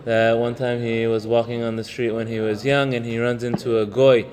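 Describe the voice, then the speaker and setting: A man giving an informal Torah lesson, talking conversationally, mixing in Hebrew terms and telling stories with halting fillers. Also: mid-range voice, little pitch movement, a little mellow. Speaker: Torah class teacher. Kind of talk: informal religious lesson with storytelling.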